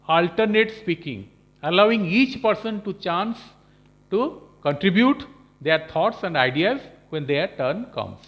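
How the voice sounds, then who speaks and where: A professor lectures in a high voice. He explains each point step by step and keeps checking in with his listeners. He sounds like a man giving a recorded lesson. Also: fairly bright tone. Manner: explanatory, checks in with frequent "Okay?" and "you know". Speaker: professor lecturing on management skills.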